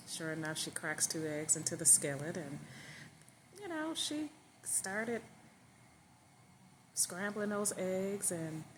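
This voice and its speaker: A woman telling a story aloud in a relaxed, conversational way. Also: deep voice, noisy background. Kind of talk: casual spoken storytelling.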